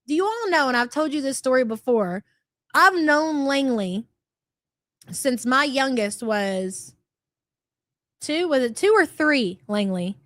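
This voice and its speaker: A woman's voice: high-pitched, expressive, slow pace, long pauses, fairly bright tone, no echo, studio quality. A woman in her thirties with a light American country twang, hosting a livestream and reading out viewer chats in a brash, profane, sarcastic way. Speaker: livestream host.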